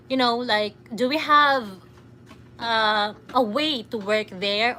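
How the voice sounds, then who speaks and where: A woman's voice: on the high side, sharp tone, a little hiss or hum. A woman with a Filipino accent chatting casually on a livestream, reading comments aloud and giggling often. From Philippines.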